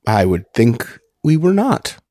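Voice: medium pitch, sing-song, a little slow, warm tone, dry recording, studio quality. A player in a tabletop game, speaking in character in a playful, giggly way. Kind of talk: tabletop role-play, in character.

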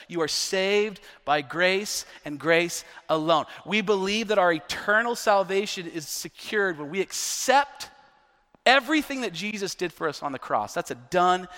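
A male pastor preaches in a bright, high voice that swoops up and down, pressing each point hard and repeating words as he climbs toward a near-shout. His sermon rings out with the long reverb of a large hall.

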